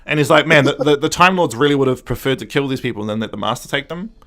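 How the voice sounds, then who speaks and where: A podcast co-host with a mid-range, somewhat bright voice casually recaps an episode, voicing the characters in quick asides.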